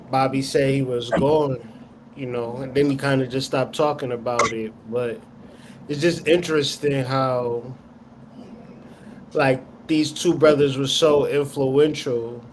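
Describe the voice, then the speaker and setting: A man's voice: mid-range voice, a little hiss or hum. A man hosting a podcast who sums up the talk and asks reflective questions. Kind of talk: casual podcast discussion.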